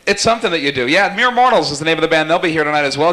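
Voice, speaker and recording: A man warming up a live talk show audience, teasing guests and cracking quick jokes. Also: fairly high pitch, animated, a little hiss or hum. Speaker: talk show warm-up host. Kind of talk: jokey stage banter with audience.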